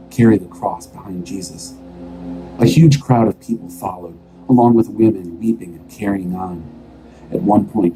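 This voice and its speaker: A man reading scripture aloud as an expressive, steadily told story, with faint music behind. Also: on the low side, poor audio. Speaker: scripture reader.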